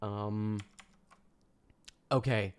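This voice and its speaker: A man's voice: fairly low pitch, steady tone, very slow, smooth. A man hosting a livestream, gleefully mocking what he watches in casual reaction commentary. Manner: gleeful, mocking, breaks into laughter. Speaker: livestream host.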